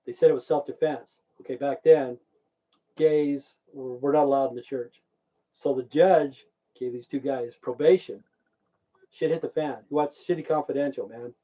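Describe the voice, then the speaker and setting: A livestream host with a medium-pitched, mellow voice talks at a moderate pace with fairly even intonation over a rough recording. His casual rant rambles and is full of swearing and repeated "okay"s as he answers people in the chat.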